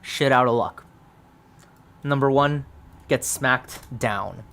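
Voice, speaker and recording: A man's voice: medium pitch, slow, gravelly, fairly bright tone. A man casually narrating a solo tabletop game, thinking aloud through dice rolls with plenty of ums.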